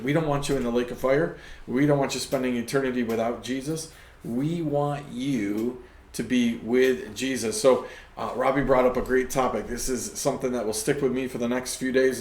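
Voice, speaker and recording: A man's voice: medium pitch, steady tone, normal speed, roomy sound. A man hosting a faith discussion podcast, talking in a preachy way and often tagging his points with "right?". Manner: preachy, peppers talk with "right?". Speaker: podcast host.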